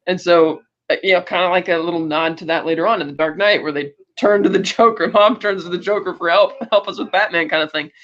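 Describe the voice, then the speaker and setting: This podcast host talks fast in a high voice that's fairly bright but fairly even in intonation, and the recording has its highs cut off. Recapping a film, he rambles casually with lots of fillers and restarts, acting out character quotes in put-on voices.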